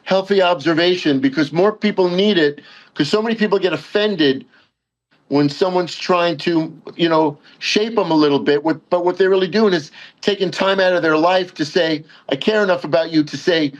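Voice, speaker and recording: A man's voice: on the high side, moderate pace, dull audio. A man, a guest on a call-in talk show, talking in a hesitant, agreeable way with many fillers. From Long Island, New York. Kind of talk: casual chat. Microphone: phone call.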